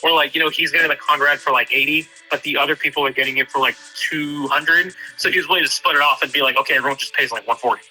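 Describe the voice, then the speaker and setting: A man with a very bright, slightly raised voice talks casually, hesitant and full of fillers. Quiet music plays in the background. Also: fairly high pitch, steady tone, fast, few pauses, poor audio. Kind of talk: casual chat.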